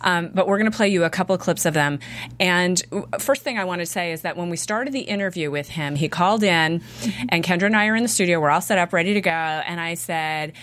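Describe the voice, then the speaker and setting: A woman hosting a casual talk show about a TV series, chatty and animated. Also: quick pace. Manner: chatty, animated, acts out quotes in high voices. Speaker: podcast host.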